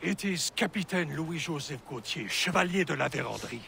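A haughty, scornful naval captain in a video game cutscene. He sneers with a high, bright, gravelly voice and swoops up and down as he talks down to people. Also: animated, a little fast, slight background noise, heavily acted. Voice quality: haughty, cutting, insulting. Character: arrogant, scornful male French-Canadian naval captain, middle-aged.

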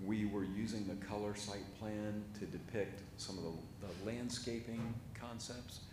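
A man presenting a site plan at a city review meeting, halting with many fillers and restarts. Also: on the low side, steady tone, noisy background. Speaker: project presenter. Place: city meeting, remote or chamber.

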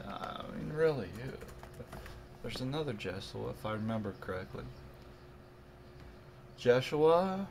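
A man preaches straight to his audience, reading scripture word by word with heavy emphasis. He drifts into mocking, conversational asides between verses. His delivery stays slow and deliberate over a faint hiss of background noise. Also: mid-range voice, expressive, creaky. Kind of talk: video sermon commentary.

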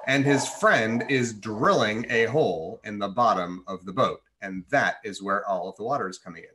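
A man leading a religious school service, telling a children's story in a friendly, animated way. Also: mid-range voice, moderate pace, a little hiss or hum.

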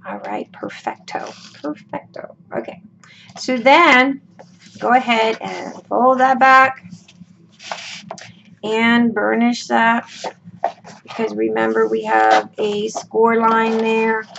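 A woman's voice: fairly high pitch, big pitch swings, slow pace, pauses often, fairly bright tone. A woman hosting a craft tutorial, talking casually through each step with her voice worn out, chatty and folksy with lots of ums and okays. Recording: dull lo-fi with clear room noise.

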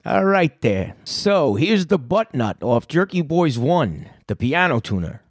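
Brief: rambling profane host, New York accent, dry close sound. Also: male voice, a little high, very animated, a little slow, no room sound. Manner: rambling, profane, laid-back. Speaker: show host and prank caller. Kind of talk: casual podcast talk.

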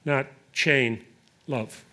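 A man's voice: medium pitch, very slow, pushed and bright. A man voicing a scornful tame male house dog who mocks the wolf. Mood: mocking.

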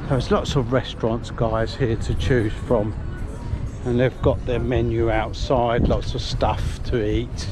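Walking along a resort street outdoors with his camera, a man offers relaxed, upbeat tour commentary and repeatedly addresses viewers as "guys." His mid-range voice moves little in pitch and stays slow, heard over music, with clear traffic noise behind him.

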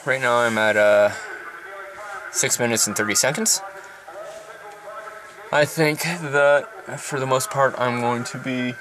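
A man's voice: mid-range voice, slow, pauses often, noisy background. A young man in his twenties, a soldier, rambling casually with lots of fillers in a vlog, sitting in a parked van. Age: 20s. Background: distant rifle fire.

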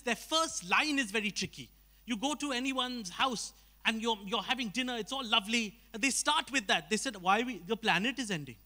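Bright-voiced comic teasing the crowd. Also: male voice, very high voice. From Calcutta, India. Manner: teasing crowd work, quick jabs at the audience. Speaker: stand-up comedian at an awards ceremony. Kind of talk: stand-up comedy. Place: large auditorium stage.

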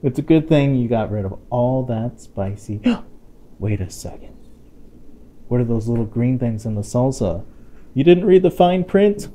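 A man reading a picture book aloud to a child, playful and expressive, with chatty asides to his young listener. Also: mid-range voice, measured pace. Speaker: storytime reader.

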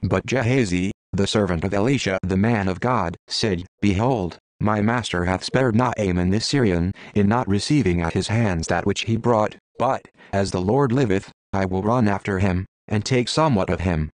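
Man, very low voice, dry close sound, steady solemn Bible reading. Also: dry recording. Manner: measured, solemn King James reading. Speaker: Bible reader. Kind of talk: scripted scripture reading.

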